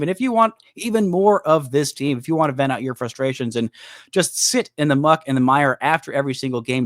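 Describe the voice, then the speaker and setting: A man's voice: medium pitch, dry recording, clean studio sound. A man hosting a solo sports podcast, venting in an exasperated, emphatic way. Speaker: podcast host. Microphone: studio microphone.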